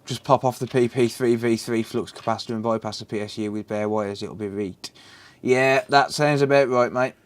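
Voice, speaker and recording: A man's voice: medium pitch, steady tone, fairly quick, few pauses, clear, resonant tone. A man chatting casually and joking with his live chat while repairing a console, swearing freely.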